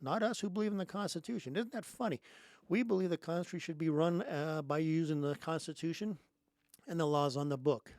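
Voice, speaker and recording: A man's voice: fairly high pitch, fairly quick, a little mellow, no echo. A man hosting his own show, giving an angry, sarcastic political monologue straight into a close microphone. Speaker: host.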